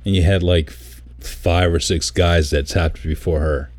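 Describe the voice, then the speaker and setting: Man, extremely low voice, dry close sound, animated casual storyteller who swears freely. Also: unhurried, dry recording. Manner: animated storyteller, swears, mimics people in high voice. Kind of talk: casual chat.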